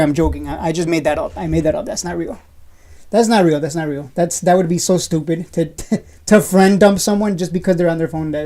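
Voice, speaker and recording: A woman in her thirties chats on a live stream with a mellow, darker voice sitting low in pitch. She teases viewers with profanity-laced jokes and laughs often between lines. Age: 30s. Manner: profane, teasing, joking rants. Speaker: livestream host reading chat. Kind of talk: casual live-stream chat.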